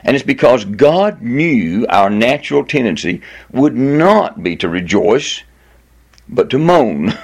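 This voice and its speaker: A man delivers a sermon as a pastor, in a mid-pitched voice. He reads scripture with deliberate stress, drawing out repeated words and rising on the ones that matter most. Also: darkish tone. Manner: emphatic preaching, slowing and lifting on key words.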